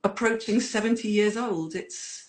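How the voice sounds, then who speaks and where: A woman's voice: medium pitch, unhurried, a little hiss or hum. A woman in a band, chatting casually as an interview guest with rambling, self-deprecating asides.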